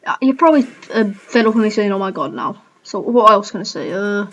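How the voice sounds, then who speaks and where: A woman's voice: mid-range voice, lively intonation, fairly quick, a bit bright, muffled recording. A woman giving casual reaction commentary as a gaming YouTuber, who keeps exclaiming, cringing and laughing at herself.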